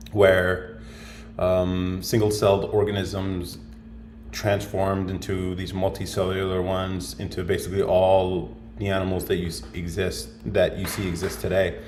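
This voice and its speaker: There's a roomy echo and a bit of hiss or hum around this deep, darkish-toned voice. The man hosts a casual livestream, musing and rambling through viewer comments while thinking aloud with many fillers.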